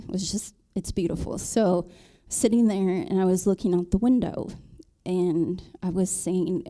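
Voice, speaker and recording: A married woman on a panel, telling her conversion story in a halting way, with many ums and restarts. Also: mid-range voice, dark tone. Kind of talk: personal testimony in a panel talk.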